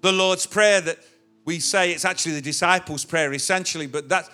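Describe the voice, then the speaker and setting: A man's voice: high voice, fairly quick, bright, forceful tone, faint music behind. A male pastor preaching a sermon in a conversational, illustrative way, with touches of humor. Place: church.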